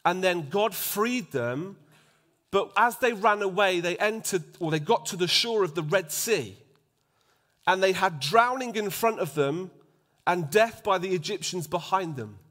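A man preaches a sermon to his congregation in a loose, conversational way, tossing in quick checks for agreement. His voice sits a little high for a man. At key points he sinks almost to a whisper. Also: animated, a bit bright. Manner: drops to a near-whisper for emphasis.

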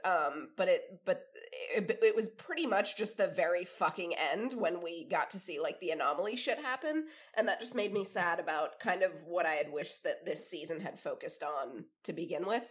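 A woman co-hosting a casual podcast, chatty and wry, who rambles with restarts. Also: on the low side. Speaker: podcast co-host. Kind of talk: casual chat.

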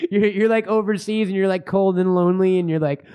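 A man's voice: high-pitched, steady tone, fast, mellow, clear, resonant tone. A man co-hosting a podcast, crude and rambling as he riffs on absurd ideas. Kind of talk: crude casual banter.

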